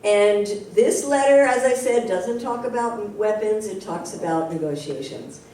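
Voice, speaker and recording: Echoey distant woman telling lively stories. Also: mid-range voice, unhurried. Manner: animated storytelling, acting out quoted people. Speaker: activist speaker at a public talk. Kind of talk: public talk and Q&A answers. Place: community hall. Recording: distant, very echoey hall with faint hiss.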